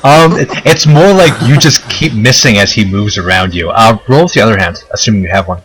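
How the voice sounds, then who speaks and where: A man as game master, explaining rules in a relaxed way with many fillers. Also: fairly low pitch, fairly quick, a little hiss or hum, low-quality recording. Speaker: dungeon master. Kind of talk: running a tabletop game.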